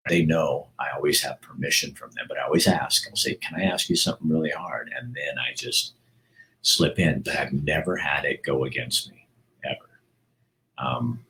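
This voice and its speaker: A man's voice: very deep voice, creaky, pushed and bright, a little hiss or hum, poor audio. A middle-aged man hosting a casual monologue, talking earnestly and rambling, with frequent restarts. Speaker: host.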